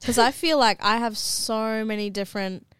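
A woman's voice: on the high side, moderate pace, a bit bright, clear, resonant tone, dry recording. A young woman co-hosting a casual chat podcast, chatty, filling her talk with "like". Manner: chatty, uses "like" a lot, mimics others. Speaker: podcast co-host.

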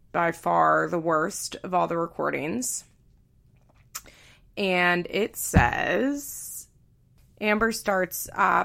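A woman hosting a podcast, chatting casually and reading a transcript aloud in a flat, even way. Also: on the low side, gravelly. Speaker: podcast host.

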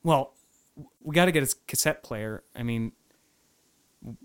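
A man improvising as a customer stuck in a car in a comedy sketch, bantering in a deadpan, mock-serious way. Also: medium pitch, moderate pace, clear, resonant tone.

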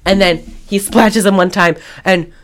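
A podcast co-host with a medium-pitched voice takes her time speaking. Recapping a movie in a casual chat, she animatedly performs the characters' lines as she goes.

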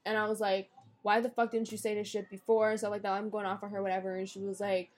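A woman's voice: mid-range voice, little pitch movement, fast talker. A young woman guest on a podcast, bluntly and profanely retelling a falling-out with friends in casual chat. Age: young adult. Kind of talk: casual storytelling.

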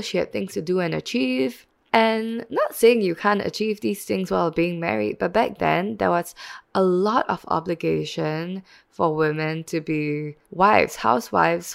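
A woman tells a true story on her podcast in a casual, frank way. Her voice sits low and has a gravelly fry. Faint music plays behind her. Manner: chatty, frank, slangy asides. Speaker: podcast host.

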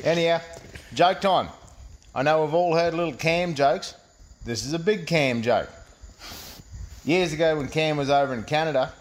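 An Australian man, a mechanic, telling a crude joke in a recorded message, rough and cheerful. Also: on the high side. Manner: rough, cheery, swears freely.

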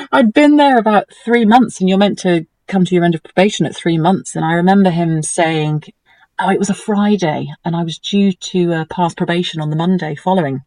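A woman's voice: fairly low pitch, moderate pace, dry recording, low-quality recording. A woman, telling a painful personal story on a talk show, acting out what others said. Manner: animated, acts out quotes in a mimicking voice. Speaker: guest.

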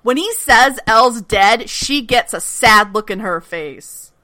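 A woman's voice: fairly high pitch, slow, no echo. A woman co-hosting a podcast, casually recapping a TV episode with profanity and acted-out lines. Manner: animated, profane, mimics characters' lines. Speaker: podcast co-host recapping a TV show.

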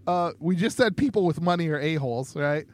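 A man's voice: fairly high pitch, lively intonation, fairly quick, darkish tone. A young man co-hosting a podcast in a casual chat, rambling along with lots of ums and easygoing jokes. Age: young adult. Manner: rambling, many ums, laid-back joking. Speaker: podcast co-host.

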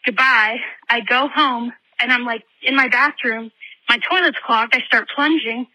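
A woman's voice: a little high, steady tone, a little slow, bright, forceful tone, low-quality recording. A woman leaving a voicemail while walking her dog outdoors, telling a candid story with small giggles. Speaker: voicemail caller. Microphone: phone.

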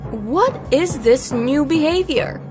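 A woman voicing a strict, religious middle-aged mother in an animated story, firm and scolding. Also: sits high, slow pace, music in the background. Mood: stern.

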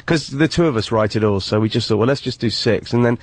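A British man chatting as a guest on a radio show, self-deprecating and quick to laugh. His voice sits at an average pitch, recorded close and dry with no room sound. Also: no echo. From Britain. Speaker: guest comedian. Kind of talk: casual radio interview chat.

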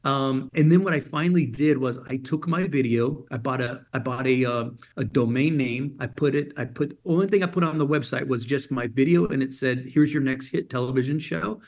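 A man's voice: mid-range voice, a little fast, hardly any pauses. A man from Germany, a guest in an interview, telling a story with energy and acting out the voices of the people in it. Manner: energetic, acts out quoted voices. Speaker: podcast guest.

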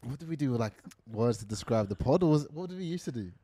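A man's voice: medium pitch, lively intonation, quick pace, a crowd in the background. A man co-hosting a football podcast, laid-back and chiming in with agreement. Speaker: podcast co-host. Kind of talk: casual chat.

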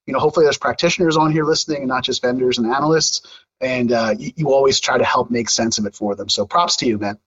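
A man's voice: mid-range voice, fast, a bit bright, breathy edge. Philadelphia man, enthusiastic guest, slangy jokes, slightly dull lo-fi sound. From Philadelphia, USA. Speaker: guest, AI evangelist. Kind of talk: casual interview chat.

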